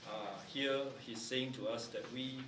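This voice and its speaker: A man's voice: medium pitch, steady tone, background noise. A man in his sixties preaching a sermon as pastor at a prayer meeting, explaining carefully and often checking with "right?". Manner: measured, explanatory, frequent "right?" and "uh". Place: church hall. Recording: echoey church hall, mic at a distance.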